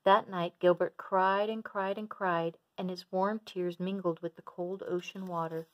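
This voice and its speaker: A woman gently reading a children's storybook aloud in a steady storyteller voice. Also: fairly low pitch, measured pace, lo-fi sound.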